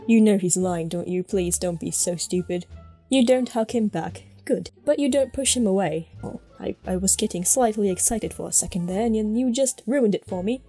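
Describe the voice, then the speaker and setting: A woman voicing a haughty young aristocratic boy, reading fanfiction in character with sarcastic, exasperated commentary and a husky voice. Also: mid-range voice, moderate pace, warm tone, faint music behind.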